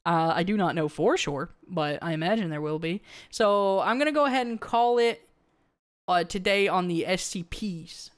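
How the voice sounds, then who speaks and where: A woman's voice: on the low side, normal speed. A woman streamer chatting casually to her live audience, rambling with many fillers and restarts and answering viewer comments. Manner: reads viewer comments aloud and answers them.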